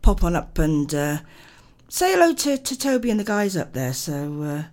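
An older woman hosting a local radio show, chatting casually and greeting listeners warmly by name, a little under the weather. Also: on the low side, sing-song, normal speed. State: unwell. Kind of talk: casual radio chat and rambling monologue.

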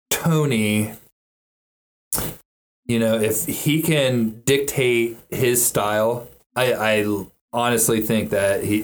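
A man's voice: mid-range voice, slight background noise. A man chatting casually about fighters, swearing often and restarting his sentences as he rambles. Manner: profane, rambling, frequent restarts.

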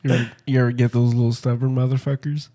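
Young man, mid-pitched, jokey sidekick, swears constantly. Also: flat delivery, fast, mellow. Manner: joking, riffs and quotes movies, swears a lot. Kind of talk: casual profane chat.

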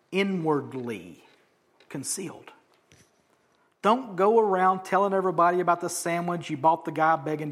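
A man preaching a sermon in a conversational, joking way, hitting some words hard and dropping others to near whispers. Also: high voice. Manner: emphatic, swinging between loud stresses and soft asides. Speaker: pastor.

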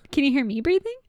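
Slow-talking giggly young woman. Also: sits high, a little mellow, no echo. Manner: giggly, teasing. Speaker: podcast co-host. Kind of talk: casual chat.

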